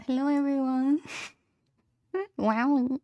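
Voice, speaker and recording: A woman's voice: high voice, fairly even intonation, takes it slowly, dry recording, lo-fi sound. A woman livestreaming from home, chatting casually with her viewers in a bubbly, giggly way, repeating greetings playfully.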